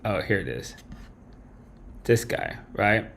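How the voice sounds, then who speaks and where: A man's voice: fairly low pitch, sing-song, slow pace, a bit bright. A man hosting a late-night livestream, ranting bluntly with constant swearing and tagging his points with "right?". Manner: blunt, heavy swearing, tags lines with "right?". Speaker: livestream host. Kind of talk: profane late-night stream rant.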